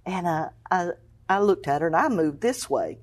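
A middle-aged woman with a fairly low voice shares a personal story as an interview guest. She acts out what others said, drops to a hush in the heavy moments and rises sharply when she gets excited. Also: moderate pace. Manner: storytelling, acts out quoted voices, swings from hushed to exclaiming. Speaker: guest, cancer survivor. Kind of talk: emotional personal testimony.

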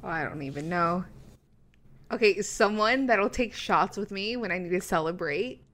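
A woman's voice: medium pitch, animated, a bit bright. Loose, profane young woman co-host. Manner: swears freely, laughs a lot, talks in quick bursts. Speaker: podcast co-host. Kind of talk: casual chat.

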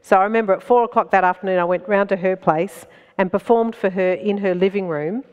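An Australian woman tells a story in a lively, animated way, often laughing between phrases. Her pitch sits in a middle range, and the recording has a long echo. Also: brisk, clear, resonant tone, phone-quality sound. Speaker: stand-up comedian as guest. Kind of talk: anecdotal storytelling in conversation.

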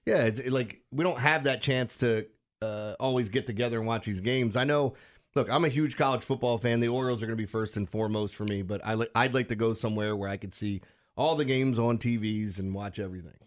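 A man's voice: mid-range voice, fast talker. A man with a Baltimore accent hosting a sports radio show, talking casually and animatedly with frequent restarts and laughs.

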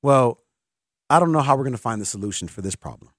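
A man's voice: medium pitch, expressive, fast, a bit bright, dry recording. A man hosting a sports talk radio show, venting as an exasperated fan with self-mocking asides.

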